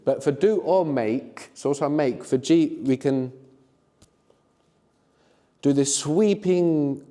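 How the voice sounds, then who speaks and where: A middle-aged man teaching a live workshop, encouraging the learners and often checking in with a quick "no?". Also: a little high, warm tone, big-room sound. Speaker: language teacher.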